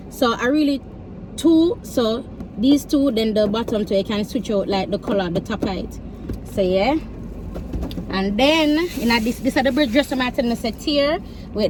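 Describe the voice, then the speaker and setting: A woman's voice: on the high side, background noise. Chatty Jamaican woman vlogging on her phone. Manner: chatty, animated storytelling with patois quotes. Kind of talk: casual travel vlog.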